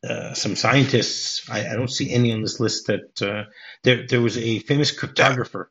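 A man's voice: mid-range voice, steady tone, normal speed, vocal fry, a bit bright, dull audio. A man hosting a casual movie podcast who retells film scenes and acts out the characters' lines. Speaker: podcast host.

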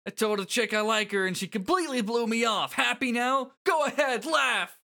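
A man's voice: mid-range voice, steady tone, fairly quick, pushed and bright, natural voice. A man reading the lines of a brash, touchy young male street kid in a game, with blustery, defensive outbursts. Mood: flustered.

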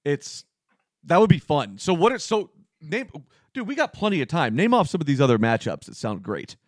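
Animated, opinionated man chatting sports. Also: on the high side, moderate pace, no echo, studio quality. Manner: animated, opinionated, swears casually. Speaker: podcast co-host. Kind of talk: casual sports chat.

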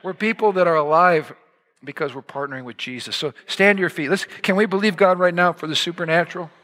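High, bright-voiced preaching pastor. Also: male voice, quick pace. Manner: energetic, shouting bursts. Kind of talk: sermon. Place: church.

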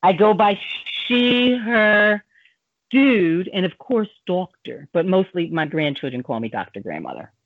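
A woman's voice: on the low side, animated, a little slow. An older woman with grandchildren, co-hosting a community radio talk show in a chatty, joking way. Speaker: co-host and executive producer. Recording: dull lo-fi radio audio.

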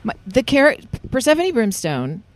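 A woman voice actress chatting casually in an interview, animated and full of fillers and restarts. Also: fairly high pitch, unhurried, no echo. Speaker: voice actress guest. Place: parking lot.

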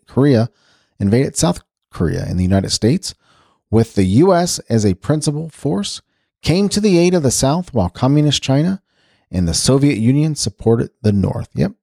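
A man's voice: mid-range voice, vocal fry, dark tone, dry recording, studio quality. A man hosting a casual radio segment, reading weather and birthdays in a chatty, rambling way. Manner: chatty, rambling, self-correcting. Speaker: radio host.

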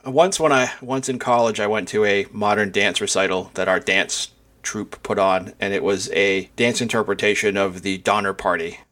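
Man, podcast co-host, somewhat low voice, wry storytelling, casual chat. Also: fairly even intonation, normal speed, few pauses, pushed and bright.

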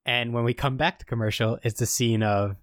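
A man's voice: medium pitch, steady tone, a little fast, fairly bright tone, no echo. Man, casual podcast recap, rambling, lots of fillers, dry close sound. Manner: rambling storytelling with many fillers. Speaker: podcast co-host recapping a show.

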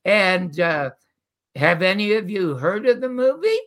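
An older man telling animated stories as a guest, quoting the people in them. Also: sits high, unhurried. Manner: animated storyteller quoting others. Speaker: guest storyteller. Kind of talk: casual interview anecdotes.

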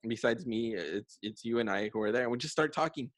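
A man's voice: mid-range voice, brisk, no echo. A young man hosting a casual conversation, chatty with many fillers and frequent laughter.

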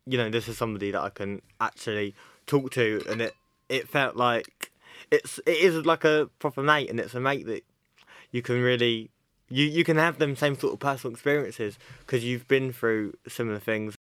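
A man's voice: mid-range voice, normal speed, a bit bright, dry recording. A man talks casually and relaxedly as a guest on a podcast. His voice sits in the middle range and sounds dry and close. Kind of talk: casual chat.

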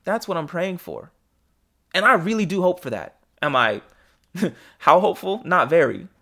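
A man hosting a devotional podcast who asks earnest, pointed questions and then leads a quiet prayer. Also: high voice, sing-song, moderate pace, creaky. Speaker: podcast host.

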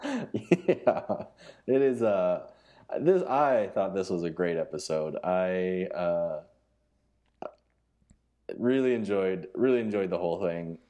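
Low, mellow-voiced man in casual chat. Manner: halting, many restarts and fillers. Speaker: podcast co-host.

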